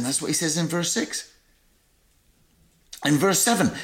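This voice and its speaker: Male preacher, slightly high voice, swinging, expressive delivery, scripture read with emphasis. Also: unhurried, long pauses. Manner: animated preaching, reading scripture aloud with emphasis. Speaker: pastor. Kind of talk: sermon.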